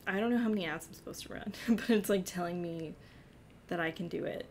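A woman's voice: lowish voice, a little fast, darkish tone, slight background noise. A young woman from New Jersey with a slight New Jersey accent, chatting casually with her stream chat, giggly and self-deprecating.

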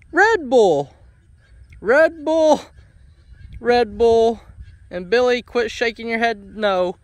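A man's voice: very high-pitched, no room sound. A man vlogging outdoors on his homestead, chatting with his animals and scolding and coaxing them by name. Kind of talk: casual vlog talking to farm animals. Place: outdoors on a farm.

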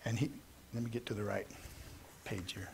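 A middle-aged man teaching through the Bible verse by verse, reading scripture aloud and then retelling it in plain, lively everyday talk. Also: lowish voice, moderate pace, vocal fry, noisy background.

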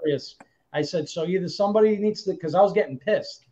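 A man's voice: high voice, fast, dark tone. Heated storytelling man on dull audio. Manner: heated, profane, quotes himself and others. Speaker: guest actor. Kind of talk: casual storytelling.

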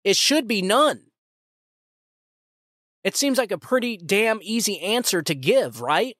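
A man's voice: sits high, animated, a little slow, fairly bright tone, no echo. A man hosts his own show and delivers fired-up commentary, circling back over the same points with mounting indignation. His voice is close and dry, with no room sound around it. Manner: indignant, repetitive, addresses listeners as folks. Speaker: podcast host. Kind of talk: heated political commentary.

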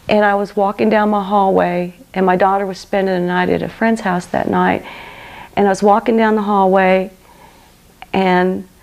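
A woman's voice: mid-range voice, vocal fry, a little mellow, low-quality recording. A middle-aged woman telling her personal faith testimony in an earnest, emotional way, often saying "you know". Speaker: guest sharing her testimony.

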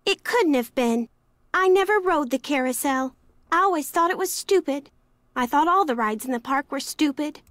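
Sulky young woman in a mystery game, high voice, glum and dismissive. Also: animated, moderate pace, fairly bright tone.

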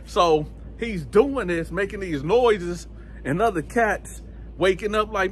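A man telling a story casually to camera, lively and acting out other people's voices. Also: sits high, slow pace, slight background noise. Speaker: channel host telling prison stories.

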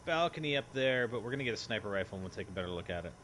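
Lively chatty young man gaming. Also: fairly low pitch, rapid-fire, noisy background. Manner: chatty, jokey, thinks aloud while playing. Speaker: gameplay host. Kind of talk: casual gaming chat.

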